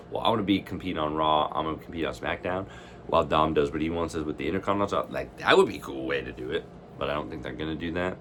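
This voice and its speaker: A man's voice: low voice, a little hiss or hum. A man casually ranting in a reaction vlog, rambling and opinionated. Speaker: wrestling fan vlogger.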